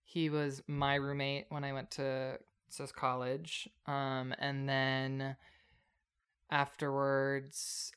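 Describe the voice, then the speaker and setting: Man, twenties, smooth clear voice, casual podcast chat, rambling storyteller. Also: mid-range voice, monotone, slow pace, a bit bright. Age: 20s.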